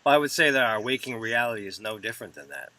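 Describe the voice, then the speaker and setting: A lower-pitched male interviewer with a crisp, bright tone. He speaks in short, pointed remarks that challenge his guest in a casual interview. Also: very animated, fast talker.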